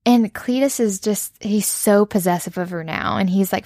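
Casual podcast woman, gushing and excitable, close dry mic, mid-pitched. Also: normal speed, few pauses, no echo. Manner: excited, gushing, swears freely. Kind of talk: casual chat recapping a novel.

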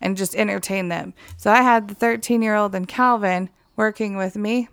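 A woman in her thirties chats casually about movies, with a giggly, easy manner. Her voice has a gravelly fry to it. The recording is dry and close, with no room sound. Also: mid-range voice, fairly even intonation, normal speed, no room sound. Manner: giggly, chatty. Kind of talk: casual chat.

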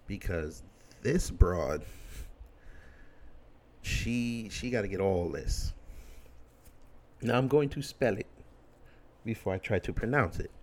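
A man hosting a commentary show, ranting bluntly and emphatically with crude language. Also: lowish voice. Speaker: commentary host.

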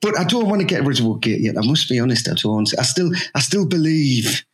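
A man's voice: mid-range voice, very animated, a little fast. A man, a podcast guest talking in blunt, slangy comic chat and often asking "you know what I mean".

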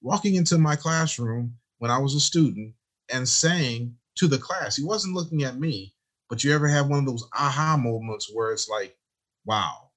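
A man who works as a teacher, telling stories in a relaxed interview and acting out the dialogue he quotes. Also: mid-range voice, moderate pace. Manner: animated storyteller, acts out quoted dialogue. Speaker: teacher, guest. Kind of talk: storytelling in a conversational interview.

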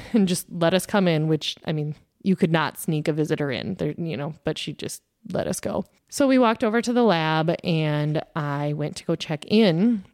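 A woman's voice: deep voice, a little mellow, dry recording, clean studio sound. A woman in her thirties, a podcast host, telling a personal story in a candid, conversational way with plenty of fillers.

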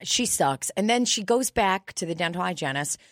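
A young woman with a deep voice hosting a podcast, telling a story in a brash, swearing rant. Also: expressive, moderate pace, a bit bright, no room sound, studio quality. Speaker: podcast host. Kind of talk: casual comedic chat.

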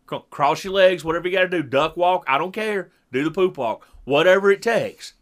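A middle-aged man telling a long story in casual chat, animated and acting out what people said. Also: high voice, fairly quick. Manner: animated storyteller who acts out quotes. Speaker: podcast co-host.

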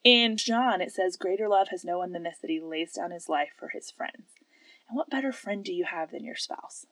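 A woman co-hosting a casual Christian talk show, lively and laughing often as she makes her points. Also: on the low side, normal speed, no echo. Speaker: podcast co-host. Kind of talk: casual faith-based chat.

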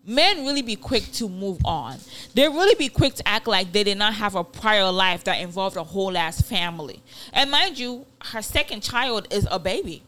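A woman co-hosting a casual celebrity gossip chat, talking in an animated, emphatic way with plenty of asides. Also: mid-range voice, moderate pace, hardly any pauses. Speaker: podcast co-host.

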